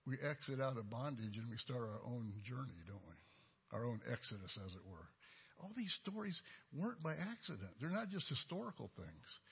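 Husky-voiced man preaching folksy. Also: medium pitch, very animated, moderate pace, muffled recording. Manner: folksy, storytelling, conversational preaching. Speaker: lay preacher. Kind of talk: sermon with personal testimony.

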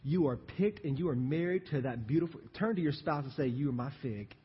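A middle-aged man preaching a sermon as pastor, calling out to the congregation and moving between loud appeals and hushed, slow passages. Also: on the high side, breathy edge. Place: church sanctuary. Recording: dull muffled live church recording with long reverb.

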